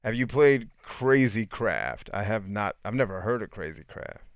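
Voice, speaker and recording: A man hosting a casual livestream, chatting with viewers in an animated, joking way and swearing freely. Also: on the low side, moderate pace, smooth, no echo, highs cut off. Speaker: podcast host answering live chat.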